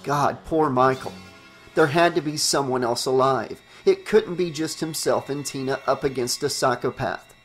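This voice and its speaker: A man who hosts his own channel, reading a horror novel aloud in a steady, deliberate storytelling manner. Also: medium pitch, faint music behind. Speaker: audiobook narrator and channel host. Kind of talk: audiobook narration.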